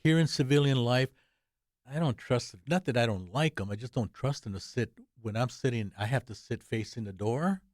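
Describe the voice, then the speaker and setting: An older man, a combat veteran guest, speaking in blunt short phrases, halting and repeating words. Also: mid-range voice, darkish tone, dry recording, clean studio sound. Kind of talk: interview recollection.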